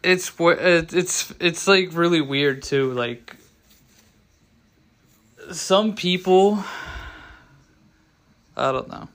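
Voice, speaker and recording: A young man hosts a casual solo show in a slightly high voice, talking slowly and stopping often to restart. He rambles and sounds choked up, close to tears. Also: fairly bright tone. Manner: rambling, halting, many restarts and fillers. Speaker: show host.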